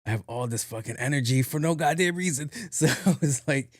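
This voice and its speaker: Animated young man telling a story on a podcast. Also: fairly high pitch, brisk, no echo, studio quality. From New York. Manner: animated, profane, self-mocking storyteller. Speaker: podcast host. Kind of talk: casual storytelling monologue.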